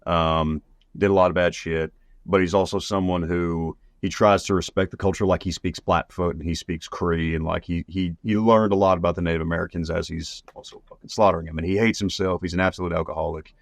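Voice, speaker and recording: A man's voice: low-pitched, fairly even intonation, fairly quick, no room sound, studio quality. A man hosting a podcast, retelling a film plot in a rambling, profane, casual way. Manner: rambling and profane, lots of fillers. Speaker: podcast host.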